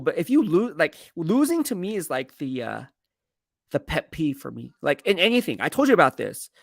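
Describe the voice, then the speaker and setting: A man with a fairly high voice, a sports beat writer, rambles conversationally on a casual live stream about team moves, correcting himself as he goes and reading viewer comments aloud. The sound is studio quality with no echo.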